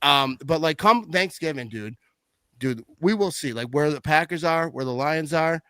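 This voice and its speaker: A man talking casually about football, rambling with lots of fillers and animated swings in his voice. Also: fairly high pitch, moderate pace, smooth, no room sound. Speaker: podcast guest. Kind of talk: casual sports chat.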